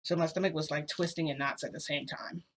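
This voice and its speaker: A woman's voice: sits low, steady tone, fast. A young woman telling a personal story in a casual, chatty way, speaking straight to her viewers and filling it with "like" and "you know.". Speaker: storytime vlogger.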